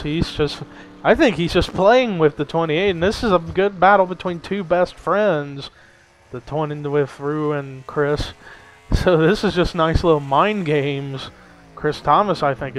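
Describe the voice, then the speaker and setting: A young man giving amateur play-by-play commentary on a simulated race, steady and given to hedging. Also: fairly high pitch, measured pace, a little hiss or hum, poor audio. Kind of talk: amateur sim-racing commentary.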